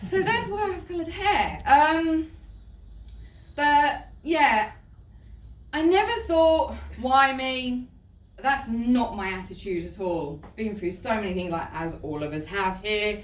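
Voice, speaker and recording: A woman tells a personal story to an audience in a chatty, warm way, laughing often. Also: a little high, lively intonation, slow. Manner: chatty, laughing often, says "you know" a lot. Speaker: speaker giving a talk. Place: event hall. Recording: roomy hall, voice from far off.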